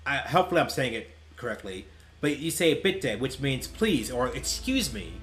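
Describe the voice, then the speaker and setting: A man's voice: medium pitch, lively intonation, moderate pace, a bit bright. Young guy rambling thru funny stories, laughs at himself a lot, bouncy up and down voice, bit of music in the back. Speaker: gaming YouTuber. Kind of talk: casual storytelling while playing.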